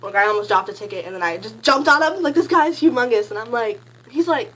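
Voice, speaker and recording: A teenage girl telling a story in a casual vlog, gushing and rambling, packing her sentences with "like" and jumping into excited high squeals. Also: fast talker, slight background noise, low-quality recording. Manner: gushing, rambling, heavy use of "like"; bursts into high excited squeals when quoting. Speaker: concert fan recounting a meet and greet.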